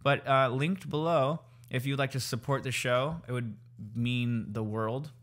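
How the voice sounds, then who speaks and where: A man in his twenties chatting on a podcast mic with a slight lisp, the kind that comes from new braces. He sounds laid-back and laughs easily. His voice sits at an ordinary middle pitch for a man. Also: unhurried, a bit bright. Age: 20s. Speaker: podcast co-host. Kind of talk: casual podcast chat. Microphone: podcast microphone.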